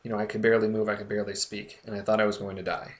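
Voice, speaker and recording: A man's voice: fairly low pitch, flat delivery. A young man talking earnestly to camera in a personal vlog, stumbling and restarting often as he speaks with emotion. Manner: earnest, halting, with frequent restarts. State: recovering, emotional. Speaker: blogger. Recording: echoey room.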